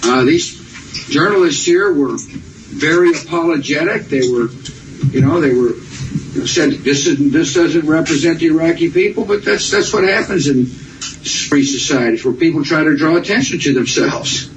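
A man answering a question at a press conference in a folksy, halting way, fairly high for a man. The archive audio is roomy and picked up from a distance, with a faint hum behind. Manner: folksy, halting, plain-spoken. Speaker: head of state at a press conference.

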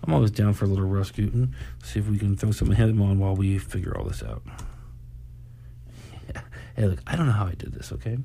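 A man's voice: lowish voice, animated, brisk, creaky, long pauses, dark tone. A man hosting a live stream, rambling casually with apologies and laughs.

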